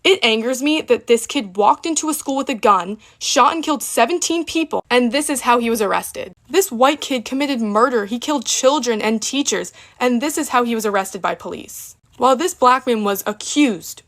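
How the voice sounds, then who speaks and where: A woman giving impassioned commentary to camera, indignant and deliberate. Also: a little high, animated, fairly bright tone.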